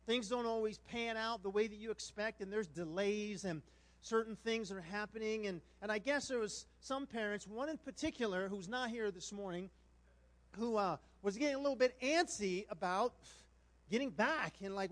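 Male pastor, middle-aged, high voice, animated, self-mocking sermon story. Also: normal speed.

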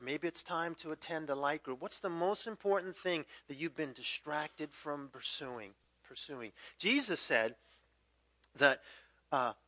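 A man in his fifties preaching a conversational sermon, swinging from loud acted quotes to quiet, drawn-out emphasis. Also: fairly high pitch, dry recording. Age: 50s. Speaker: pastor.

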